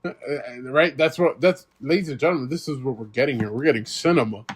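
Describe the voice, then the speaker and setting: A man hosts a solo wrestling podcast in a loose, excitable way. His voice sits in an ordinary middle pitch. He chuckles through the stories he retells and keeps turning to speak to his listeners directly. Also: a little fast, slightly rough. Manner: excitable, retells rivals' insults with frequent laughs; emphatic, addresses the audience directly. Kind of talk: casual solo commentary.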